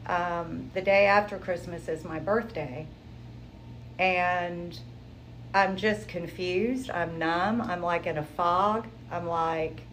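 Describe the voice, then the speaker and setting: A woman sharing her personal testimony in an interview, telling it in a lively, conversational way. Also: lowish voice, slow, a little hiss or hum, low-quality recording. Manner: animated, conversational storytelling.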